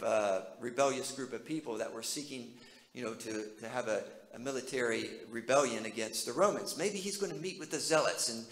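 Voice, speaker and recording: A man's voice: mid-range voice, roomy sound, poor audio. A male pastor preaching a sermon in a conversational way, often asking his listeners questions.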